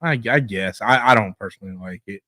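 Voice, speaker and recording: A man co-hosting a casual wrestling podcast, blunt and profane, who mocks promoters in quick put-on voices. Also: fairly low pitch, bright, forceful tone, no room sound. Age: older than co-host, calls himself old school. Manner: blunt, swears freely, mocks in put-on quotes. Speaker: podcast co-host.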